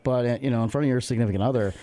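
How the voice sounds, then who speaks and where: A man's voice: mid-range voice, very fast, mellow. A man co-hosting a radio chat show, laughing often and restarting his sentences. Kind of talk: casual comedic chat. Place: radio studio.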